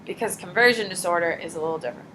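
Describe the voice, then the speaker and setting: A woman's voice: on the low side, rapid-fire, slight background noise, rough recording. A woman teacher giving a casual, jokey classroom lecture in a classroom, acting out little dialogues as she explains. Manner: animated, jokey, acts out dialogue.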